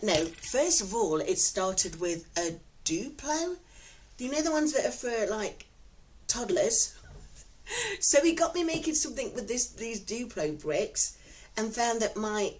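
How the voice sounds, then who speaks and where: A woman's voice: mid-range voice, slight background noise, low-quality recording. A woman with a Nottingham accent, casually telling stories to her viewers in a giggly, rambling way from home. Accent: Nottingham English. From England. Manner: warm storytelling, giggly, repeats herself. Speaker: vlogger. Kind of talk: casual chatty vlog.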